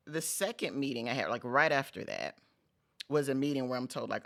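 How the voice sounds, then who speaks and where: A man's voice: mid-range voice, expressive, a little fast, creaky, fairly bright tone. A middle-aged man hosting a vlog, giving a conversational, emphatic pep talk with casual slang and repeated phrases for emphasis. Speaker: host.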